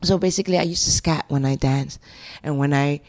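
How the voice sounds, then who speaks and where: A woman's voice: deep voice, fairly quick. A middle-aged woman with a Nigerian accent, telling stories as an interview guest and acting out quotes. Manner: animated storyteller who scats and acts out quotes. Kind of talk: conversational interview storytelling.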